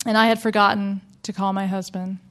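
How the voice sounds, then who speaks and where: A woman's voice: mid-range voice, level tone, brisk, a bit bright. A woman from the American South telling a personal story to an audience in a wry, conversational way.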